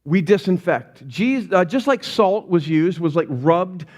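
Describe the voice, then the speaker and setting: Lively high-voiced male pastor preaching. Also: a little slow. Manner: animated storytelling, acts out voices, rhetorical questions. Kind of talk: sermon. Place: church.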